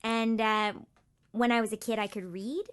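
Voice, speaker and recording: A woman's voice: on the high side, steady tone, moderate pace, smooth. A young Canadian woman, a voice actress and interview guest, speaking in a playful, giggly, self-deprecating way. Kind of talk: casual interview chat.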